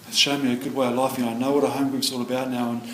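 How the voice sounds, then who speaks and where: A middle-aged man speaks at a recovery meeting in a rambling, heartfelt way, circling back with "you know." His voice sits at an ordinary middle pitch. It bounces around an echoey meeting room, with a faint hum of ambience behind it. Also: flat delivery, very fast. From New Zealand. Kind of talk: personal share at a recovery meeting.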